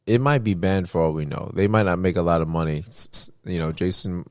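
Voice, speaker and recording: A man co-hosting a podcast, retelling events in a rambling, animated way with many restarts. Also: sits low, a little fast, dry recording, studio quality. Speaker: podcast co-host. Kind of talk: casual podcast chat.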